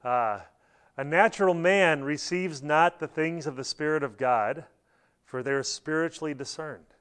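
A middle-aged man preaching a sermon in a church, telling stories and acting out quotes with sudden loud bursts. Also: a little high, a little slow, clear, resonant tone. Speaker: pastor.

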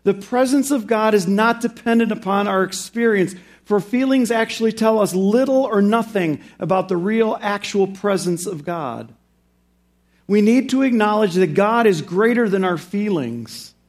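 A man with a notably high voice preaches a sermon, reading scripture and then explaining it. On the big points he slows right down and lifts his voice for emphasis. On the quieter reflective points he sinks low and soft. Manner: preaches with slow, emphatic rises on key phrases. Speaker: pastor.

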